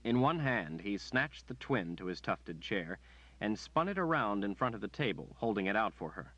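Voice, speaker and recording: A man narrating an audiobook in a measured storytelling manner. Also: lowish voice, big pitch swings, sharp tone, no room sound, muffled recording. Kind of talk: scripted narration.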